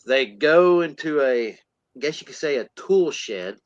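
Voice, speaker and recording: Slow, easygoing podcast man. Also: fairly high pitch, lively intonation, highs cut off, a little hiss or hum. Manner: acts out characters in silly voices while retelling. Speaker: podcast co-host. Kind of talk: casual plot recap.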